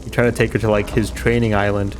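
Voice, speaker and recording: A man's voice: fairly low pitch, little pitch movement, fast talker, background noise. A man streaming a game, chatting casually and rambling through stories full of fillers. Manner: rambling, filler-heavy storytelling. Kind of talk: casual chat while gaming. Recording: game music behind the voice. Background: game music.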